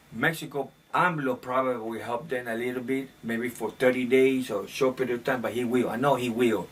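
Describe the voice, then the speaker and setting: Opinionated man rambling off-mic. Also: mid-range voice. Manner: opinionated, rambling, with filler restarts. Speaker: commentator. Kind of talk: casual monologue on current events. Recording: distant mic, faint room ambience.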